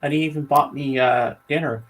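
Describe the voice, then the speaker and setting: A man's voice: a little high, brisk, poor audio. A man on a video call with a headset, chatting casually and acting out the people in his stories. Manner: animated storyteller who acts out quoted speech.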